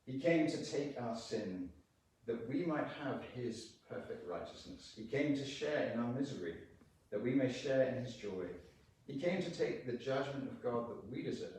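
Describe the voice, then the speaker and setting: A man giving an earnest lunchtime sermon in a church, slowing down to stress quoted lines. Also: medium pitch, lively intonation, a little mellow, far from the mic, a little hiss or hum. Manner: earnest, with slow emphatic quotations and pauses. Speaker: preacher. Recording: very echoey church from off-mic.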